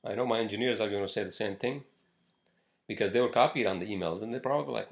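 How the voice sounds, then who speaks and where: Gravelly, profane man ranting casually. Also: on the low side, quick pace. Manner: blunt, profane, rambling with many fillers. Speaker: podcast host. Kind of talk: casual solo podcast rant.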